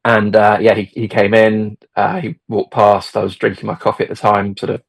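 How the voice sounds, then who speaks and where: Low, gravelly, husky-voiced man. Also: level tone, normal speed, no echo. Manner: hesitant, many fillers and restarts. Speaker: podcast guest, football fan. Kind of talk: casual storytelling.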